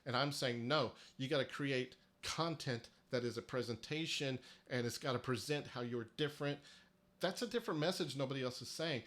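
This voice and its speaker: Hosting a live-streamed marketing workshop, a man makes his case with emphasis and persuasion, restarting his phrases frequently. His mid-range voice is a bit bright and moves a little fast.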